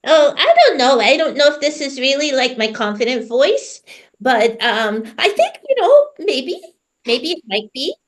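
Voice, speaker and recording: A woman's voice: sing-song, unhurried. A woman putting on the voice of a timid, unsure woman who hedges and doubts herself. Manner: hesitant, hedging, pitch jumping up.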